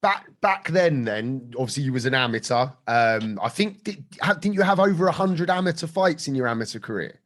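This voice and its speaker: A male podcast host whose pitch moves around a lot as he talks. He reacts in short bursts and then asks probing follow-up questions in a casual tone. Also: animated, fairly quick, few pauses, fairly bright tone. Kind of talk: casual interview.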